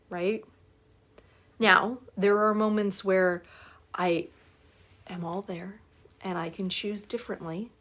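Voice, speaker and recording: A woman's voice: medium pitch, fairly even intonation, slow, pauses often, fairly bright tone. A woman in her forties talking casually to her viewers as a life coach. She is chatty and keeps asking for agreement as she goes. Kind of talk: casual live talk to viewers.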